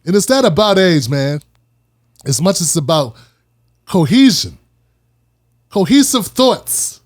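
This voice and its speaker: A man's voice: on the high side, normal speed. A man hosting his own show, talking casually and heatedly about politics, repeating lines for emphasis. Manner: animated, preachy, repeats phrases for emphasis. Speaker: host.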